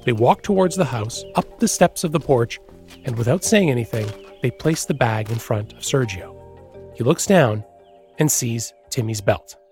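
A man narrating a feature story as a reporter, with a measured storytelling delivery. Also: medium pitch, animated, a little mellow, soft background music. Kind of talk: scripted narration.

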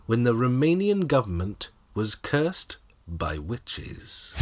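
A man's voice: mid-range voice, slow. A man co-hosting a comedy podcast, telling odd stories in a giggly, chatty way. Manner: giggly, lively storytelling. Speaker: co-host. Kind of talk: comedic casual chat.

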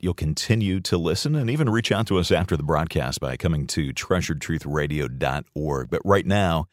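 Deep-voiced male radio host. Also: no echo, clean studio sound. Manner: friendly, affirming with short replies. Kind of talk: radio show hosting.

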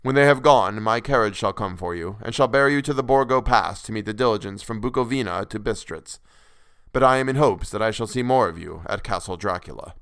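A man voicing a smooth, courtly vampire count. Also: lowish voice, fairly quick, fairly bright tone, no room sound, studio quality. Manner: smooth, stately, falsely gracious. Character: courtly, menacing old male vampire count.

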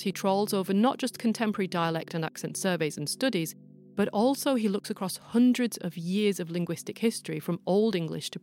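A woman hosting a podcast, giving scripted documentary narration in an explanatory way with playful asides. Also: lowish voice.

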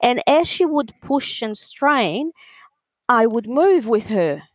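A woman telling a story in a casual interview, animated and full of fillers, acting out other people's voices. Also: fairly high pitch, slow pace, no echo. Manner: animated, acts out voices in quotes, many fillers. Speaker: alpaca breeder, guest.

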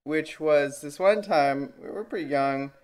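A man's voice: fairly high pitch, a little slow, clear, resonant tone. A man chatting casually with his sister, hesitant and self-deprecating, often repeating his words as he restarts. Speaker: older brother, guest. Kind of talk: casual chat.

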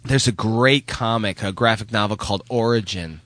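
A man co-hosting a casual podcast chat, animated and jokey, slipping into silly high voices. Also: normal speed, no room sound. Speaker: podcast co-host.

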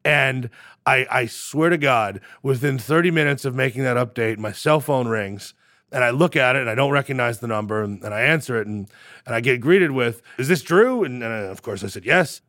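A man's voice: medium pitch, a little fast, dry recording, clean studio sound. A man, a startup founder, telling his story in a casual interview with stumbling restarts and acted-out quotes. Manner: animated, acts out quoted voices, stumbling restarts.

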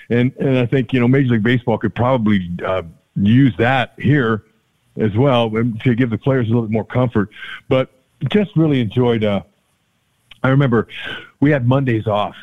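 An older man tells a long story as a podcast guest, full of energy and acting out every quoted line with sudden leaps in pitch. His voice sits at an ordinary middle pitch. The sound is thin and tinny, like a phone line. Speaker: podcast guest, former ballplayer. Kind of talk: storytelling in a casual interview.

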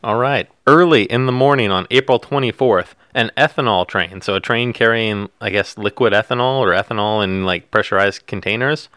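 Low-voiced man reading headlines wryly. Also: moderate pace, few pauses, pushed and bright, clean tone, dry recording, studio quality. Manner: wry, reads headlines aloud with jokey asides. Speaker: podcast co-host. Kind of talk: casual news chat.

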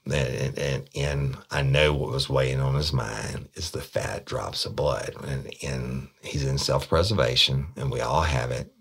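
A man's voice: extremely low pitch, steady tone, a little slow, gravelly, few pauses, fairly bright tone, slightly rough. A middle-aged man, telling a case story bluntly and profanely, with frequent stammered restarts. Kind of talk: casual spoken storytelling podcast.

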